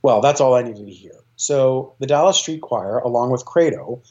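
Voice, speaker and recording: A man's voice: medium pitch, normal speed, a little mellow, highs cut off. A man, a choir director, talking as an interview guest, eager and rambling, with lots of fillers and restarts. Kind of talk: casual interview talk.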